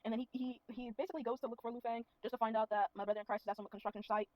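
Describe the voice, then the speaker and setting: Woman ranting thru a movie recap, super fast, sassy and cussy, dry close sound. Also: fairly high pitch, no room sound, rough recording. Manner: sassy, profane, animated commentary. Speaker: movie reviewer. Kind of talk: casual spoken film recap.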